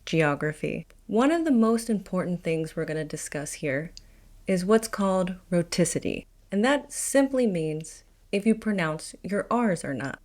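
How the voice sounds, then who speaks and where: A woman with an Appalachian accent hosts a scripted explainer in a slightly low voice. She tells it wryly and confidently, with dry asides. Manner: wry, confident storytelling. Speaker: video host. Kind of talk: scripted educational narration.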